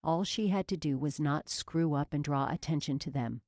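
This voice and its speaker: A woman reads audiobook narration in a steady, measured way. Her voice sits low, and the recording is close and dry with no room sound. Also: no echo.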